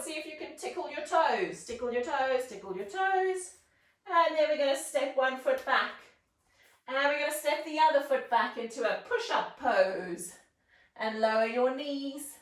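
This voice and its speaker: Slow, playful woman leading kids' yoga. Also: sits high, fairly bright tone, distant mic. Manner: encouraging, playful, sing-song instructions. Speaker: children's yoga teacher. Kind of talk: guided kids' yoga class. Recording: echoey room, voice from afar.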